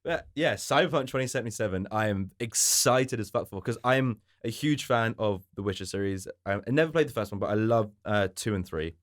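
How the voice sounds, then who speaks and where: A man's voice: lowish voice, brisk, hardly any pauses. A man co-hosting a podcast, chatting casually and enthusiastically, swearing now and then. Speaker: podcast co-host. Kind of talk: casual chat.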